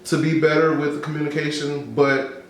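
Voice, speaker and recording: A man's voice: a little high, level tone, normal speed. A man on a discussion show, candidly telling personal stories and acting out the other voices in them. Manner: candid, storytelling, acts out dialogue. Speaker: co-host. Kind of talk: casual discussion. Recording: echoey room with faint noise.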